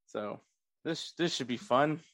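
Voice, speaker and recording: A man's voice: medium pitch, a little slow, a bit bright, no echo, studio quality. A man hosting a casual sports podcast, laughing often and poking fun at himself. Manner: laughs often, self-mocking. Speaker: podcast host.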